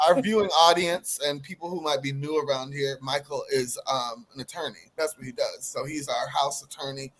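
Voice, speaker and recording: A man's voice: mid-range voice, steady tone, normal speed, hardly any pauses, a bit bright. A man hosting a podcast panel, chatting casually and moving between topics. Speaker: podcast host.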